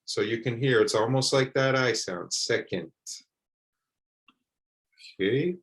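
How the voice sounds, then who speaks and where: A man teaching English pronunciation, repeating words slowly and carefully for learners. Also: mid-range voice, low-quality recording. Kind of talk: slow, deliberate pronunciation lesson.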